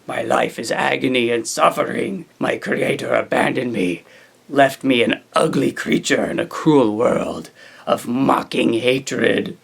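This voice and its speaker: A gravelly, mournful Frankenstein monster, as a man reading the story puts him on, sounding bitter and tired of being awake. He speaks at an ordinary middle pitch with a rough edge. It is a storybook reading of the monster's lament. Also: unhurried, fairly bright tone, full character voice. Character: brooding grown male Frankenstein monster.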